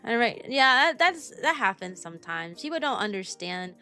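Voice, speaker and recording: A woman's voice: fairly high pitch, very animated, moderate pace, gravelly, bright, forceful tone, clean tone, faint music behind. A young woman, a kindergarten teacher, chatting casually on a livestream and rambling with lots of fillers. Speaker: kindergarten teacher and VTuber streamer.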